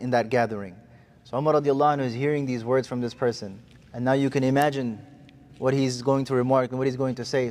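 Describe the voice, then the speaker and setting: A man preaching in a mosque, telling a story quickly and acting out the quoted speech. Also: medium pitch, a little mellow. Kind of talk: sermon.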